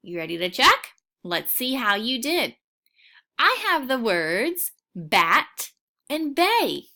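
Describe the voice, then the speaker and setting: A woman teaching a recorded phonics lesson for children, patient and encouraging, sounding out each word clearly. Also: fairly high pitch, sing-song, sharp tone. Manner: slow, clearly sounding out words.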